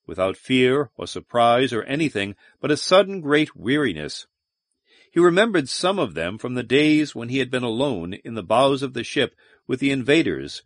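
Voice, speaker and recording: Measured man narrating an audiobook. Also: medium pitch, no echo. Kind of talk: scripted narration.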